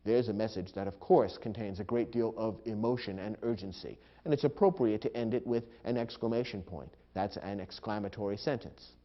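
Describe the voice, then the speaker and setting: A man narrating a grammar lesson in a measured, explanatory way, reading example sentences aloud with expressive emphasis. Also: lowish voice. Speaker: grammar instructor. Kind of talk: scripted educational narration. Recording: dull lo-fi recording.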